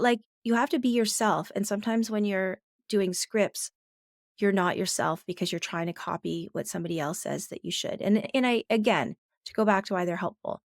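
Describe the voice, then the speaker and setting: A woman's voice: mid-range voice, creaky, no room sound, studio quality. A woman co-hosting a parenting podcast in casual conversation, talking in a reflective way and thinking aloud with many fillers.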